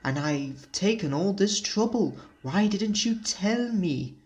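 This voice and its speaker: A man's voice: high voice, expressive, takes it slowly, husky, voice pushed up, exaggerated voice. A man doing Diesel, an oily, scheming engine. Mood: oily, sly. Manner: oily, wheedling.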